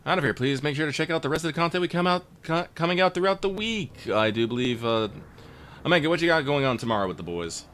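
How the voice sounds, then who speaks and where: A man's voice: on the high side, lively intonation, fast talker, fairly bright tone, smooth. A man hosting a casual let's-play stream, joking loosely and swearing freely as he plays and signs off. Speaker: streamer and show host.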